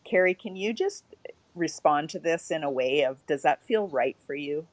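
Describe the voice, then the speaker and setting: Brief: woman host with a very low voice, gentle and reassuring, dry close sound. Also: lively intonation, moderate pace, no echo. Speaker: podcast host. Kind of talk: affirming spiritual conversation.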